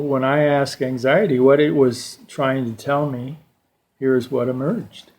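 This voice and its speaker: An older man giving a slow, reflective personal talk at a church service, telling stories with pauses. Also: mid-range voice, a little mellow. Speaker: church lay speaker.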